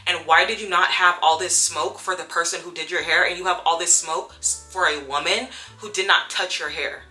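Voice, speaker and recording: A young woman recounting a confrontation at work in a vlog, telling it with animated storytelling and acting out the quotes. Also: lowish voice. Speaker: vlogger. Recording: soft music underneath.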